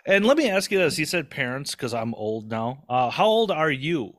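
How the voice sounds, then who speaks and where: A man's voice: mid-range voice, big pitch swings, normal speed, fairly bright tone. Rambling podcast host in his forties. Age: 40s. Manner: rambling, self-deprecating, swears casually. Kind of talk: casual podcast interview.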